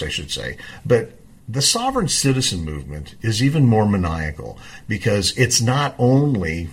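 A man's voice: fairly low pitch, sing-song, normal speed, slightly rough. A middle-aged man hosting his own show, talking through his ideas in a rambling, self-correcting monologue. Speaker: host of a civic podcast. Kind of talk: casual monologue.

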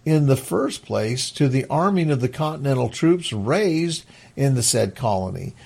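A man's voice: mid-range voice, animated, creaky, darkish tone, husky. A man lecturing, reading historical resolutions aloud with slips and restarts, then explaining them in plain everyday words. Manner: reads formal text haltingly, then explains it in plain words.

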